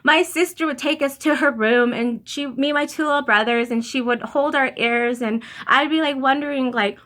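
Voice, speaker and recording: A young woman giving an emotional religious testimony, earnest and halting, close to tears, with many restarts. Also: high voice, fairly bright tone. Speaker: vlogger sharing religious testimony.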